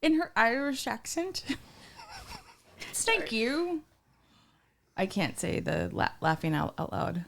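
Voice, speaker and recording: A woman co-hosting a podcast, chatting casually with an unhurried, drawn-out delivery. Her voice sits high and swings widely, and she keeps dissolving into giggles. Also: very animated, gravelly, background noise. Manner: giggly, breaks into laughter. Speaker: podcast co-host. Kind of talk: casual chat.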